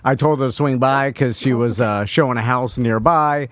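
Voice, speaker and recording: A man hosting a casual podcast, who speaks haltingly with many fillers and laughs often. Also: mid-range voice, dry recording. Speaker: podcast host. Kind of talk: casual chat. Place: studio room.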